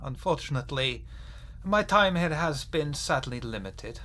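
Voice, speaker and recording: A European game master voicing a sinister male vampire flesh-shaper in a put-on Eastern European accent, speaking in slow, solemn pronouncements. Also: a little high, expressive, pushed and bright, voice pushed up. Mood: menacing calm. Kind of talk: tabletop role-play voicing.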